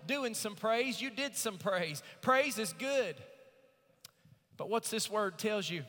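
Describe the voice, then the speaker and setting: A male pastor preaching a sermon, drawing out scripture slowly and rising into emphatic swells. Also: high-pitched, a bit bright. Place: church sanctuary. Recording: long reverb of a church sanctuary.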